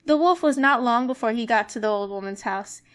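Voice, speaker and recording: A woman reading an old fairy tale aloud in a measured, even storybook manner. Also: on the high side.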